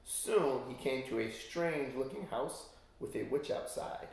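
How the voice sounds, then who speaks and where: A man's voice: mid-range voice, a little slow, vocal fry. A man reading a children's story aloud as a teacher, with chatty asides to his young listeners. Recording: very echoey room.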